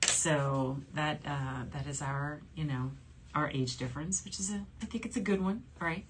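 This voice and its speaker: Her voice sits low at normal speed, with a little hiss or hum in the recording. She's a New Orleans, USA shopping channel host in her forties, chatting casually on a livestream, reading viewer comments, and laughing often.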